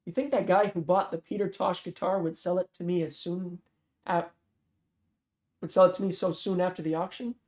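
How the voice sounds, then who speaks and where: A reader voicing a calm, cold-blooded female killer who speaks in dry, matter-of-fact tones in a thriller read aloud. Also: medium pitch, moderate pace, natural voice.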